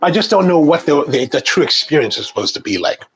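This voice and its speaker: A middle-aged American man hosting a coffee video, chatting casually with rambling, animated asides. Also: a little high, fast talker, husky, poor audio. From United States. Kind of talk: casual chat to camera.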